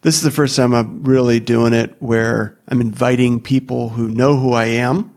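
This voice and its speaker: Casting note: male podcast co-host, gravelly voice with fry, medium pitch, playful banter. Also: level tone, moderate pace, darkish tone. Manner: playful, slips into silly character voices. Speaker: podcast co-host and character comedian. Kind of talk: casual chat.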